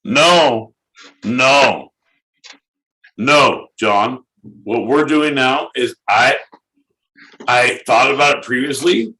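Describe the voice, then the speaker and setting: A man co-hosting a podcast, crude, loud and joking. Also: medium pitch, slow. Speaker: podcast co-host. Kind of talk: casual comedic chat.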